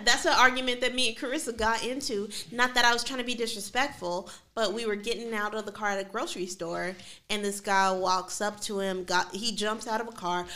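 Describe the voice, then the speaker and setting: A woman's voice: mid-range voice, bright, forceful tone. A woman co-hosting a podcast, telling a story in casual chat and acting out the people in it. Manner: chatty storyteller who acts out the people in her story. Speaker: podcast co-host.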